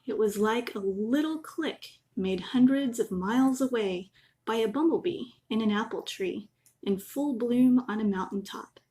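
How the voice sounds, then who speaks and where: A woman gently reading a children's bedtime story aloud, adding little asides. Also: fairly high pitch.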